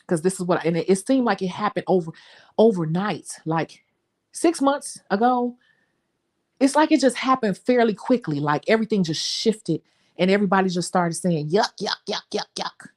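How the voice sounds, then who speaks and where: A young adult woman with a Chicago accent, a nail technician chatting to her viewers in an animated, talkative way. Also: mid-range voice. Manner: chatty, animated storytelling, says y'all. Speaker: nail technician and channel host. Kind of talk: casual chat to viewers.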